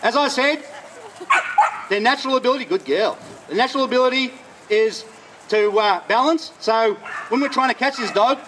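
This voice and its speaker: Man, fairly high voice, plain practical explaining, outdoors with faint noise behind. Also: brisk, long pauses. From Australia. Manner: explains plainly between short commands to dogs. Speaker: working dog trainer. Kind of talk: live outdoor demonstration talk. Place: outdoors at a festival display.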